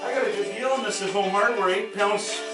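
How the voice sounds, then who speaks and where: Chatty ontario guy vlogging from his garage, calls everyone folks, slightly high voice, music in the background. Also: a little fast, low-quality recording. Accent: Canadian, Ontario. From Northern Ontario, Canada. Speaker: homesteading vlogger. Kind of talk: casual narration while working. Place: garage and yard on a frosty rural farm.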